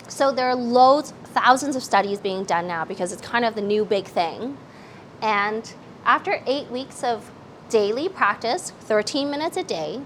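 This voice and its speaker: A woman's voice: on the high side, slight background noise, poor audio. A middle-aged woman giving a parenting workshop talk, explaining simply and asking the listeners to join in.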